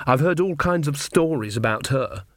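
A man reading an audiobook, voicing a frightened young woman in an anxious, higher voice. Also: expressive, moderate pace, a bit bright, dry recording, clean studio sound.

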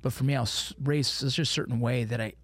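A man in his forties telling army stories in a casual, profane, animated way as a podcast guest. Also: mid-range voice, brisk, dry recording. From United States. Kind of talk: casual interview chat.

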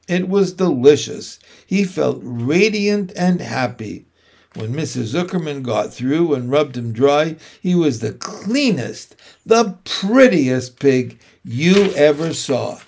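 A man narrating a children's storybook aloud in a steady, expressive way. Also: a little high.

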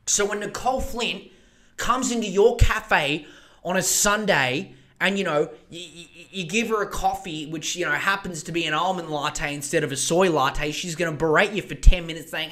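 A man's voice: fairly high pitch, moderate pace, sharp tone. A young man hosting a podcast, ranting passionately about politics, swearing and speeding up when he gets worked up. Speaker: podcast host. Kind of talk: casual political rant.

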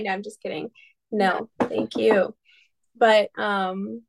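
A woman co-hosting a podcast in casual chat, drawn-out and swearing offhandedly. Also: medium pitch, fairly even intonation, gravelly, rough recording. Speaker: podcast co-host.

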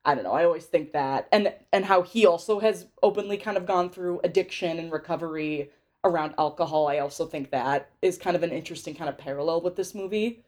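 A woman's voice: on the low side, brisk, a little mellow. A young woman hosting a podcast, recapping a film in a chatty, rambling way with lots of fillers and giggles. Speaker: podcast host. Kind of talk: casual movie recap chat.

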